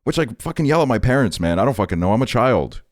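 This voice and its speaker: A man's voice: mid-range voice, sing-song, fast talker, no echo, studio quality. A young man streaming, chatting casually with his viewers in a rambling, profane way, leaning on "like" as filler. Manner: reads and answers chat messages. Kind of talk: casual livestream chat.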